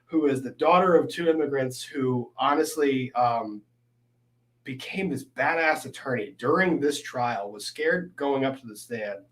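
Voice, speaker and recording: A man in a relaxed, chatty mood, hosting a conversation over drinks. He often turns away from his guest to speak to the viewers watching live. His voice sits at an ordinary middle pitch. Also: unhurried. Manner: chatty, addresses the live chat directly. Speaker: host, lawyer livestreaming with a guest. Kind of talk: casual chat over drinks.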